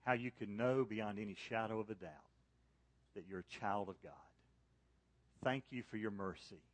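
A man preaching a sermon to a church congregation, rising to loud, high emphasis on key points and falling soft and low in prayer. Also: moderate pace, dry recording. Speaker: pastor. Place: church service.

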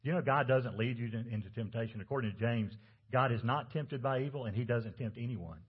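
Guy pastor preaching a sermon, kinda husky and low, dull lo-fi audio, asks the room questions a lot. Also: brisk. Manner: conversational preaching with rhetorical questions.

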